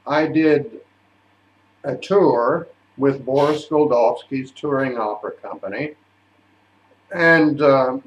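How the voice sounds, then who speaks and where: An older man, an opera singer, telling stories in a deliberate, indignant way. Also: medium pitch. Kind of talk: storytelling monologue. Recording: echoey room.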